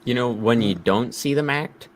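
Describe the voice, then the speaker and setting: A man on a call making dark, hostile jokes in a casual chat. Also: medium pitch, moderate pace.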